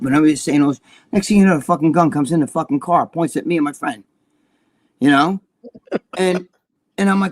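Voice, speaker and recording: Brief: New man in his sixties, quick and salty, co-host telling street stories. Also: a little high. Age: 60s. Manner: profane, animated storytelling. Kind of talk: casual live-stream chat.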